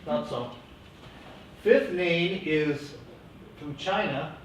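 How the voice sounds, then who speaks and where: A man teaching a classroom lecture, lively and coaching his students. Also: fairly high pitch, extremely slow. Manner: lively, coaching students through name pronunciation. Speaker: teacher educator. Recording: echoey classroom from far off, faint hiss.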